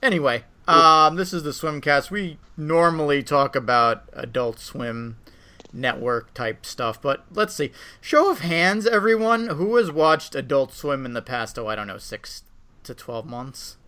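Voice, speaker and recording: A man hosting a podcast in casual chat, jokey and animated, often laughing. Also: on the high side, a little slow, smooth. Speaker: podcast host.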